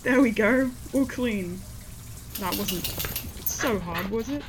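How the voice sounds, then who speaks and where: A woman playing a haunted, grieving college student who speaks softly and grows jumpy. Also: a little high, slow, noisy background. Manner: shaken, soft-spoken, snapping when frightened.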